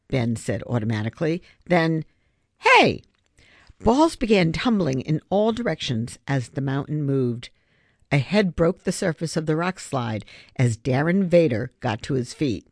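An audiobook narrator reading a children's novel aloud in an expressive way. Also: medium pitch, no echo, studio quality.

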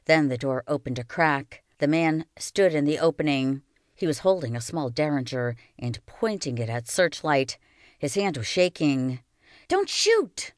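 A woman reading a children's novel aloud with slow, expressive storytelling. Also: low voice, no echo, clean studio sound. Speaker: reader.

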